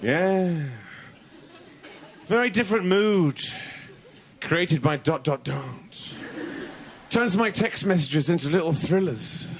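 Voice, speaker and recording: Lively high-voiced male stand-up comic. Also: slow pace, pauses often, noisy background. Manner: animated, mock French and mock-suave voices. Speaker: stand-up comedian. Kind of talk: stand-up comedy set. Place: TV comedy studio stage. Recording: TV studio with loud audience laughter.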